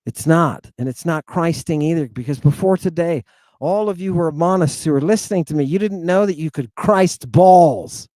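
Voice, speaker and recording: A middle-aged man teaching as a theatrical lecturer, swinging from loud to hushed and drawing out words in pronunciation drills, hot and sweating. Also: fairly high pitch, no room sound. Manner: drawn-out, emphatic pronunciation drills. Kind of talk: lecture to an online audience.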